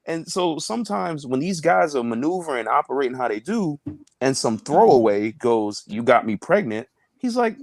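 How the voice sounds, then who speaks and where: A man's voice: big pitch swings, normal speed, creaky, dry recording. A young man, a comedian and new father, talking bluntly and crudely in a casual panel discussion. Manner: blunt, crude, acts out others in a high mocking voice.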